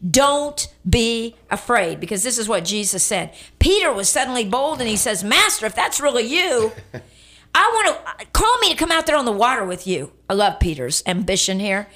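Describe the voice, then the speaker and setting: Middle-aged woman radio preacher, slightly high voice, emphatic storytelling sermon with call-and-response. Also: very animated, normal speed, fairly bright tone. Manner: storytelling, emphatic, repeats lines for effect; calls on listeners to respond.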